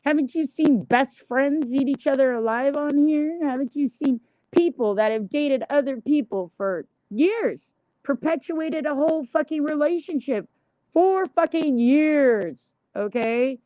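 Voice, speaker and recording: A woman's voice: high voice, a little slow, dry recording. A woman livestreamer ranting in a blunt, heavily profane, indignant monologue. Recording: dull, dry lo-fi mic.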